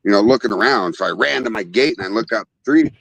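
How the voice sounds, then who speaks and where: A man from Wyoming hosting a casual chat, telling stories in a loud, profane, animated way. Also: on the low side, fast talker, creaky, husky, no echo, low-quality recording. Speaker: podcast host.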